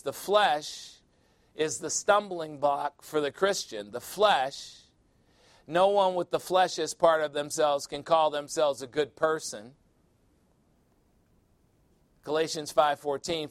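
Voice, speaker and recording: A man's voice: a little high, moderate pace, dry recording. Blunt older male preacher. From Chicago. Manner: storytelling, blunt and wry, acts out quotes. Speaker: pastor. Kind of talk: sermon.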